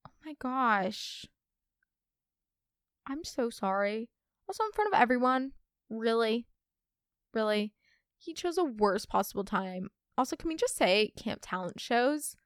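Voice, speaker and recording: A young woman hosting a casual storytime podcast, chatty and expressive, reading listener stories aloud. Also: a little high, a little slow, pauses often, clean tone, dry recording, studio quality. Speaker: podcast host.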